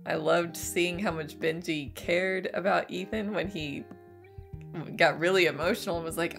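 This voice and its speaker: A woman's voice: lowish voice, fairly even intonation, normal speed, creaky, fairly bright tone, faint music behind. Scratchy-voiced woman with a cold. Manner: enthusiastic, gushing, laughs often. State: hoarse from a cold, a bit stuffy. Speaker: movie reaction host. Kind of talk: casual spoken movie review.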